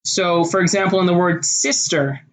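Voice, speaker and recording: A speaker with an American accent, slowly and deliberately explaining pronunciation rules in an instructional video. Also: mid-range voice, fairly even intonation. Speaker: accent tutorial presenter.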